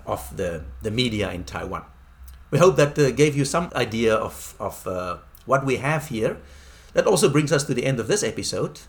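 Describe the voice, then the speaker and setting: A middle-aged man hosts a podcast in a relaxed storytelling voice. His tone is wry and a little self-mocking. His pitch sits in the usual middle range for a man. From South Africa. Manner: wry, anecdotal, self-deprecating. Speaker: podcast host. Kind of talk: casual storytelling monologue.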